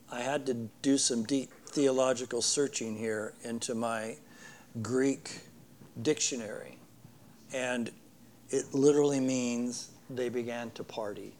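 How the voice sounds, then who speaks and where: A man preaching a sermon in an earnest way, acting out the people in the story and dropping his voice soft for emphasis. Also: medium pitch, slow pace, slight background noise. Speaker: pastor.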